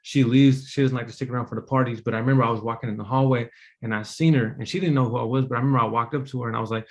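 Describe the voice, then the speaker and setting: A man's voice: mid-range voice, fairly even intonation, very fast. A man telling his personal story to a meeting audience in a casual, rambling way, full of fillers and restarts, earnest and emotional. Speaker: apprentice speaker at a business meeting.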